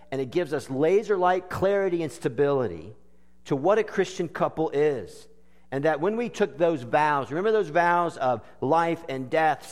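A man's voice: a little high, long reverb tail. A man preaching a sermon with earnest, emphatic phrasing and stretched words. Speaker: pastor.

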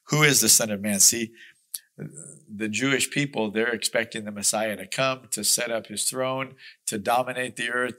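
A man's voice: lowish voice, sharp tone. A man teaching a Bible study, reading scripture aloud and explaining it in an earnest, emphatic, conversational way. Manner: conversational asides with small restarts.

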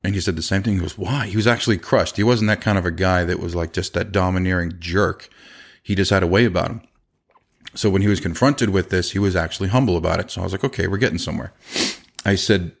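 A man's voice: deep voice, gravelly. A middle-aged man hosting a podcast, casually telling stories about his employees, acting out their quoted dialogue and laughing often. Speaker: podcast host and business owner. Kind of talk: casual storytelling.

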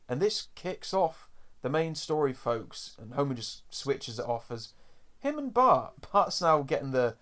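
A man's voice: medium pitch, very animated, measured pace, fairly bright tone. A young man, hosting a casual, rambling podcast chat and playfully acting out quotes. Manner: rambling, filler-heavy, playfully acts out quotes. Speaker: podcast host. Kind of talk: casual chat reviewing a cartoon episode.

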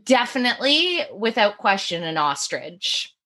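A woman guesting on a podcast in casual chat, building up dramatic scenarios with deadpan quoted lines. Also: medium pitch, a little slow.

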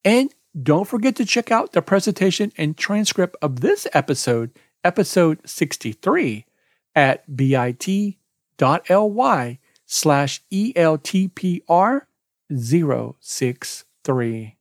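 A man hosting a podcast lesson on exam preparation, reading a scripted, deliberate lesson and spelling out web links letter by letter. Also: high voice, lively intonation, no echo, studio quality. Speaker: exam prep podcast host.

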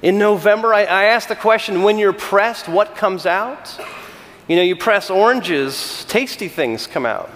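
A middle-aged man from California, a senior pastor giving a conversational sermon with animated, self-deprecating storytelling and frequent restarts. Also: high voice, a little slow, big-room sound.

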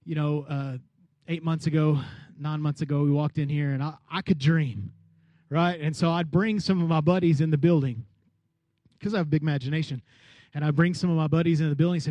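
High-voiced energetic man preaching. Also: brisk, dry recording. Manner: energetic preaching with call-and-response; acts out voices of people in the story. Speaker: pastor. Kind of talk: sermon.

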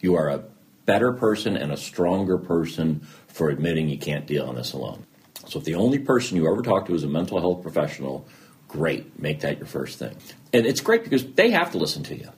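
A brisk, extremely low-pitched man, middle-aged and working as a TV news anchor, appears as a guest in an interview. Candid and animated, he relates personal stories and acts out both sides of the old exchanges he quotes.

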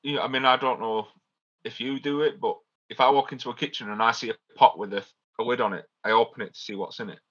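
A man's voice: mid-range voice, fairly even intonation, fast talker, fairly bright tone, highs cut off. A man co-hosting a casual podcast, pressing his point with questions. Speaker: podcast co-host. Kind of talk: casual chat.

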